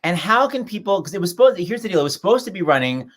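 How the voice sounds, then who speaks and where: A man's voice: sits high, very animated, fast talker, fairly bright tone. A man hosting a live video-call show, chatting casually with jokes, teasing and rambling asides. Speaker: host. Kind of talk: casual chat.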